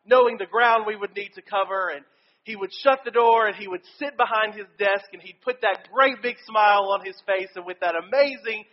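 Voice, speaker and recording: A man's voice: high-pitched, brisk, lo-fi sound. A male pastor giving a sermon and telling a personal story in an earnest way.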